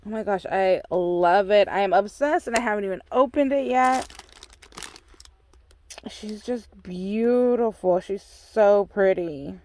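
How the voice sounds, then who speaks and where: A woman's voice: mid-range voice, slow, darkish tone, slight background noise. A woman hosting a craft channel, opening a swap package and gushing over every piece with constant exclamations. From United States. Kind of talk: excited unboxing chat.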